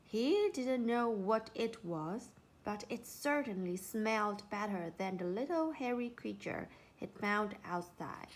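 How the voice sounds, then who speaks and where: A woman narrating a children's storybook in an unhurried, expressive way. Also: medium pitch.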